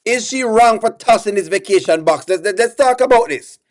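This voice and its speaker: A man's voice: high voice, expressive, normal speed. A man reacting on a live stream, exasperated and pleading with his chat, repeating himself over and over.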